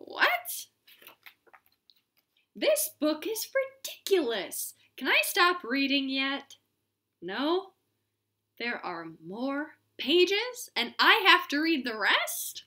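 Woman storytime host, high bright voice, slow and hammy, made for kids. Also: sing-song. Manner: playful, exaggerated, with silly sound effects. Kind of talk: reading a picture book aloud to children.

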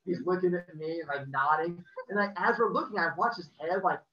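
A man casually telling a personal story, acting out the people in it with lively energy. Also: sits high, fairly quick. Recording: roomy, distant, muffled video-call audio.

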